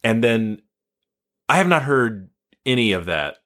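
Lively, incredulous woman co-host. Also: rumbling low, measured pace. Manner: animated, incredulous, laughs often. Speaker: podcast co-host. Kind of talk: casual chat reviewing a TV episode.

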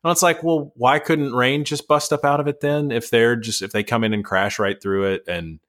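A man co-hosting a podcast, rambling and nitpicking a TV episode in casual chat, quick to laugh. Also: mid-range voice, fairly even intonation, fairly bright tone. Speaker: podcast co-host.

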